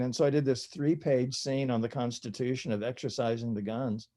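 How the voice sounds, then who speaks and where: Older man with a mellow voice. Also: mid-range voice, steady tone, fairly quick. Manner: chatty, self-deprecating, laughs at own stories. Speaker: author guest. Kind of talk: relaxed storytelling interview.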